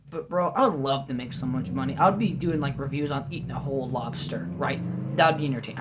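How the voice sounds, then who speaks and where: Background noise runs under this man's medium-pitched voice as he casually reviews food at home with no script. His commentary rambles, honest and self-deprecating, with plenty of goofy side remarks.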